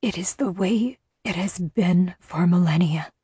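A woman voicing a frail, dying female oracle in a soft, strained, airy whisper, slow and solemn. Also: on the low side, slightly rough, no echo, studio quality. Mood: weak solemn. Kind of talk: audiobook narration.

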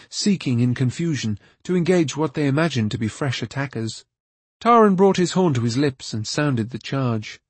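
Steady male audiobook narrator. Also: mid-range voice, no room sound. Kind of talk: scripted narration.

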